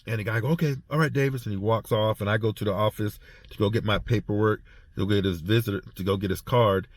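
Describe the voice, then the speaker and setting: A man's voice: fairly low pitch, flat delivery. A former prison officer talking through a casual spoken reflection, a man who halts and repeats words as he tells stories. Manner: halting, repeats words while storytelling. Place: heading home after treatment.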